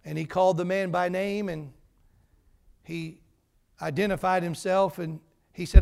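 A man's voice: high voice, steady tone, measured pace, vocal fry, long pauses, darkish tone. A male pastor preaching a sermon in a church, telling a story dramatically and then leading a prayer.

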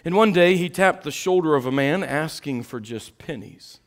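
Middle-aged male preacher, slightly high voice, dynamic sermon delivery from hushed to booming. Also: expressive, normal speed. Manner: dynamic, swings from quiet asides to loud impassioned peaks.

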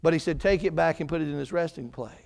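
A man preaching a sermon, dropping to hushed low passages and rising into fervent emphasis. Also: fast talker, gravelly.

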